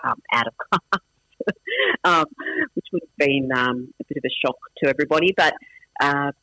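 A man's voice: mid-range voice, normal speed, gravelly, sharp tone, no echo, poor audio. A middle-aged man with an Australian accent, born in Iran with Farsi as his first language, chatting casually as an interview guest, self-deprecating and full of restarts and fillers.

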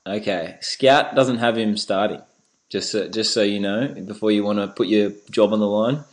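A man's voice: on the low side, moderate pace, low-quality recording. A man co-hosting a casual sports podcast, joking and laughing, often repeating words as he goes. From Australia. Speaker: podcast co-host.

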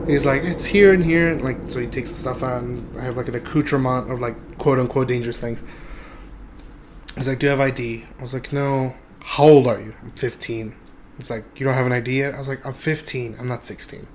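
A man's voice: medium pitch, fairly even intonation, fairly quick, slight background noise. A young man telling a casual, rambling story, laughing often and swearing freely. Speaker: podcast host.

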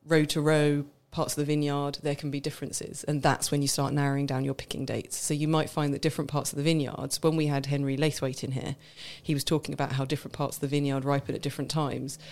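A woman's voice: sits low, flat delivery, fast talker, hardly any pauses, a little mellow. Chatty woman explaining with a laugh. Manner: knowledgeable, explains at length, laughs often. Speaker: wine expert co-host. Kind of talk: casual podcast chat.

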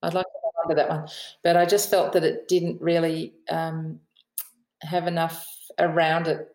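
Chatty Australian woman author, low voice. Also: level tone, normal speed, a little mellow, reverberant, low-quality recording. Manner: chatty storyteller, laughs often, mimics the people she quotes. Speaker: author and aviation writer, guest. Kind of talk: podcast interview.

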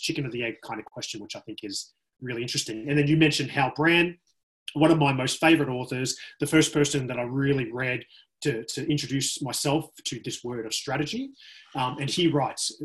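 A man's voice: medium pitch, a little fast. A man co-hosting a casual podcast, explaining at length and reading definitions aloud. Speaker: podcast co-host.

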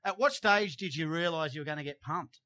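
Male host, somewhat high, bright voice, loose rambling studio questions. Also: brisk. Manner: rambling, filler-heavy questions. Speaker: show host. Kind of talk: casual interview hosting.

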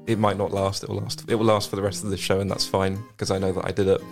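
Fast-talking deep-voiced young man. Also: flat delivery, gravelly, soft background music. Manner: rambling and jokey, lots of fillers. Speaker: musician guest. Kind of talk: casual radio chat. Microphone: studio microphone.

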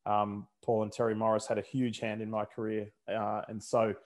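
This is an Australian man with a slightly low voice. He talks casually, pausing often with fillers and restarting his sentences. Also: completely flat delivery. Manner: halting, many fillers and restarts. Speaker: motorsport commentator guest. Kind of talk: casual interview chat.

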